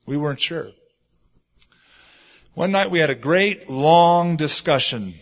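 Pastor with a slightly high, lo-fi voice. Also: male voice, slow pace. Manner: storytelling with sudden swings between loud and hushed. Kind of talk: sermon. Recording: dull lo-fi sermon recording.

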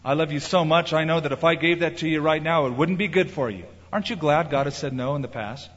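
A middle-aged pastor delivers an emphatic sermon in a somewhat high voice. He leans into key words and slips into other voices for quoted lines. The recording carries the long echo of a large church sanctuary and sounds slightly muffled. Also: fast, fairly bright tone. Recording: reverberant hall, slightly muffled.

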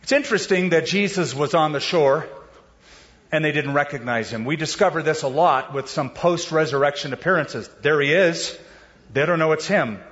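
A fairly high-voiced man preaches with lively energy, his delivery swinging between relaxed, slangy asides and sudden high, loud bursts as he acts out the people in his stories. The recording sounds somewhat dull and lo-fi. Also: moderate pace. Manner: animated preaching, acting out quoted voices with big pitch jumps; casual slang mixed with scripture. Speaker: pastor. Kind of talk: sermon.

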